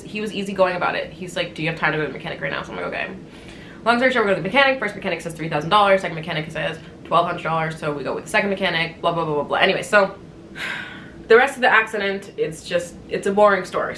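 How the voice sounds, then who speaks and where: A woman's voice: fairly low pitch, a bit bright, a little hiss or hum, poor audio. A woman in her twenties telling a story to her vlog camera at home, candid and rambling, with fillers and frequent swearing. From Canada. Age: 20s. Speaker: vlogger. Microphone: compact camera on-board mic.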